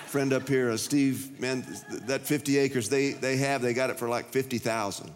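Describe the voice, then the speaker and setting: A man's voice: expressive, a little fast. Male pastor, folksy sermon storyteller, mid-range voice, big reverberant room. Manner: folksy storytelling, jumps to high loud outbursts. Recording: church hall reverb.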